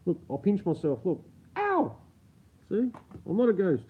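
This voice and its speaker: A man's voice: high-pitched, animated, brisk, slightly rough. A man with an Australian accent chatting casually with viewers during a live stream, swearing freely, laughing often, and keeping his voice down late at night at home. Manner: keeps his voice down. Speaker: livestream host. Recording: tinny phone-like sound.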